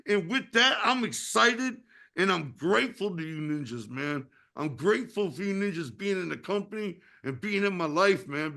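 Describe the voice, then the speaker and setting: A man in his fifties talks in a casual, passionate way, swearing freely and checking in with his listeners. His voice sits high and has a gravelly fry. His tone is bright and forceful. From United States. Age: 50s. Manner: passionate, profane, repeats "you know what I mean". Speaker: podcast host and wrestling promoter. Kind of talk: casual chat.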